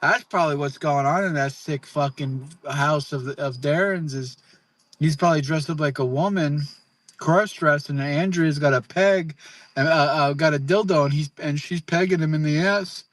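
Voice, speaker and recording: A man's voice: on the high side, moderate pace, fairly bright tone, dry recording. A man in a played clip giving a crude, profane, rambling rant, repeating himself and stumbling over words.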